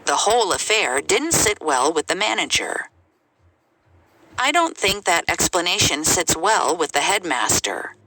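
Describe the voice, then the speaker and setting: A woman reading English example sentences aloud in a clear, measured way for a language lesson. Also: lowish voice, sing-song, sharp tone. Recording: noisy recording.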